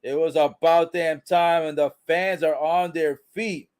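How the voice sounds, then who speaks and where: A man reacting live to a wrestling broadcast, calling the action with frequent swearing and excited exclamations. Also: a little high, measured pace, clear, resonant tone.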